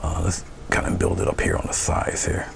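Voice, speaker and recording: A man teaching painting step by step, calm and encouraging, his words often trailing off into soft murmurs. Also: low voice, a little fast, vocal fry, a little hiss or hum. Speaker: painting instructor.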